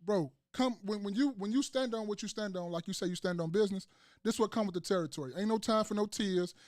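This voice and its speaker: A man with a high, light voice rants at a rapid clip, hammering the same phrases over and over. His talk is loose, blunt and full of slang and swearing, the way a podcast host holds forth in casual chat. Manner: loud, emphatic ranting with slang and profanity; repeats phrases for emphasis.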